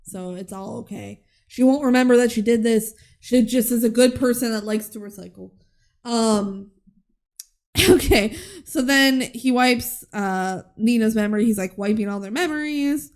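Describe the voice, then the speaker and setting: A woman co-hosting a casual podcast, voice sitting a bit high. She retells a movie with animated energy and slips into the characters' lines as she goes. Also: moderate pace. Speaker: podcast co-host. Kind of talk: casual movie recap chat.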